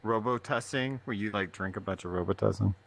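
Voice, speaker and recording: A man's voice: fairly low pitch, fairly quick, vocal fry, fairly bright tone. A man hosting a casual gaming chat, laid-back and crude with his jokes. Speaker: podcast host playing in virtual reality.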